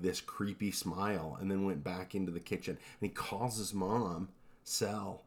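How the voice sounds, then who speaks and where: A man co-hosting a podcast, telling eerie stories in a relaxed, rambling way with lots of fillers. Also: deep voice. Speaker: podcast co-host. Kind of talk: casual storytelling chat.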